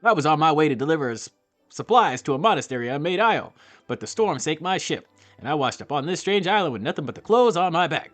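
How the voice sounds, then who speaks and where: Give me a burly, stranded sailor from a game, put on by a man, loud and pushy, pitched a little higher and talking fast. He sounds eager to get across the sea. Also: expressive, faint music behind. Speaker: voicing game dialogue.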